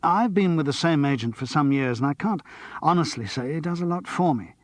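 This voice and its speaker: A man's voice: fairly high pitch, expressive, fairly quick, no echo, pitched above the performer's own voice, lightly acted. A man voicing a hesitant, polite actor. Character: wry, hesitant middle-aged male actor.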